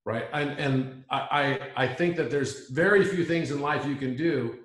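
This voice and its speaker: A man's voice: medium pitch, measured pace, a bit bright. Earnest man speaking in a roomy echo. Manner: earnest, restarts sentences, repeats words. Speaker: interview guest. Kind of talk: reflective conversation.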